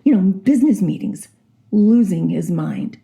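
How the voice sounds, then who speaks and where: Gravelly older woman telling jokes. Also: medium pitch, a little slow. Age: 60s. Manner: chatty, rambling, animated storyteller. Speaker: vlogger. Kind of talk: casual joke telling.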